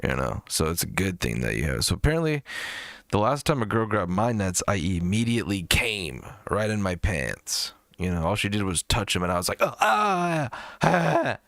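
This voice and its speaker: A man's voice: deep voice, lively intonation, fairly quick, creaky, dry recording, studio quality. A man hosting a live music review stream, talking in a rambling, profane, jokey way. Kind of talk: casual livestream chat.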